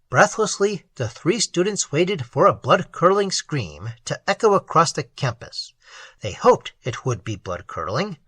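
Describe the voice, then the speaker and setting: A man reading a pulp horror story aloud as an audiobook, in a dramatic, expressive storytelling manner. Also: on the high side, slightly rough, no echo. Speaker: audiobook reader. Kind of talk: audiobook narration.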